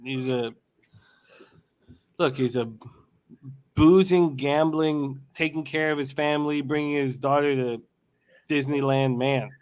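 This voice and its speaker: A man's voice: mid-range voice, fairly even intonation, measured pace, long pauses, darkish tone, clean tone. A man in his forties chatting casually as a co-host, swearing and hyping up his friends. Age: 40s. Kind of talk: casual live-stream banter.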